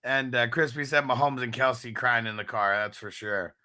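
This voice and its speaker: A man's voice: medium pitch, fairly even intonation, normal speed, bright, forceful tone. A man co-hosting a late-night fantasy football chat, laid-back, laughing often and reading out viewer comments.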